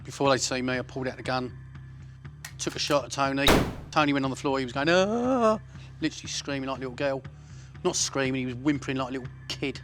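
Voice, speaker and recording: A man's voice: medium pitch, little pitch movement, fast talker, over music. A man, recounting a violent episode in blunt, coarse words. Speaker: interviewee.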